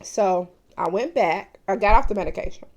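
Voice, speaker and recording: A woman's voice: medium pitch, expressive, normal speed, gravelly, a little mellow. A woman in her forties talking candidly to her viewers in a casual personal vlog, confiding and open. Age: 40s. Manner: candid and confiding, addressing viewers as "you guys". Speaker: mukbang vlogger.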